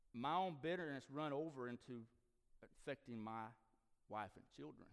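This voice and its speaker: A man's voice: mid-range voice, fairly bright tone, clean tone. A middle-aged man preaching a sermon with passion, his voice swelling and dropping as he repeats phrases. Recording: long hall reverb.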